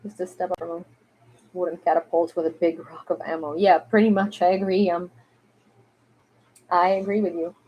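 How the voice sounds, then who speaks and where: A woman's voice: fairly low pitch, flat delivery, moderate pace, long pauses, warm tone, breathy edge. A woman from Ukraine with a mildly American-sounding accent in English, reading news on a stream and chatting through it with many fillers. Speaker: news livestreamer. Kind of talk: casual news commentary stream.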